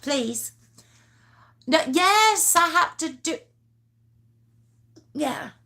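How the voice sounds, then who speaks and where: A young woman chats on a live stream in a bright, gravelly voice. She rambles nervously, stammering and restarting her sentences. She pokes fun at herself as she talks to her viewers. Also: mid-range voice, expressive, moderate pace. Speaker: YouTube true crime host.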